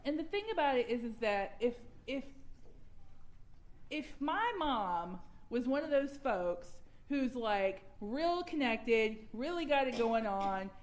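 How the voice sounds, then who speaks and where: A woman's voice: fairly high pitch, animated, slow. A young adult woman, candidly sharing her personal recovery story at a workshop and laughing at herself now and then. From Georgia, US.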